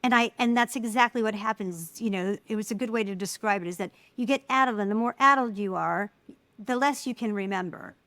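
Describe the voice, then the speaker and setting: A middle-aged woman speaking as an interview guest, telling personal stories in an animated way and acting out the voices of people she quotes. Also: mid-range voice, a little fast, no echo. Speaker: guest, filmmaker. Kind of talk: casual interview conversation.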